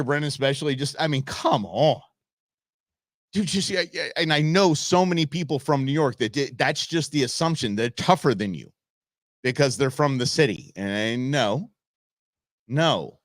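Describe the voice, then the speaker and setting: A man's voice: fairly high pitch, lively intonation, normal speed, a bit bright, no room sound, clean studio sound. A middle-aged man from the Los Angeles area hosting a live show, ranting casually and answering his chat. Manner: opinionated, ranting, talks back to chat.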